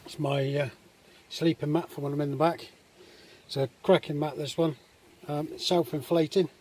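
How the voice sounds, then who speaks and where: A man talking casually in a relaxed, chatty way with many fillers, filming a vlog at a woodland camp outdoors. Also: on the high side, normal speed. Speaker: vlogger. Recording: outdoor recording with faint nature noise.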